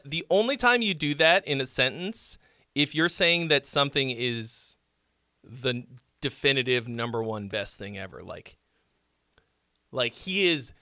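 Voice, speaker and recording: A man's voice: on the high side, pushed and bright, no echo, studio quality. A man hosting a live song critique stream, talking bluntly with profanity and sarcasm.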